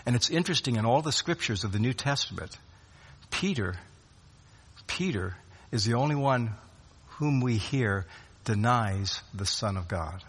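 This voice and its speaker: A man preaching a sermon, swinging between loud rising questions and hushed low drops, often repeating words as he restarts a phrase. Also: animated, measured pace, long pauses, slightly rough. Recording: long hall reverb.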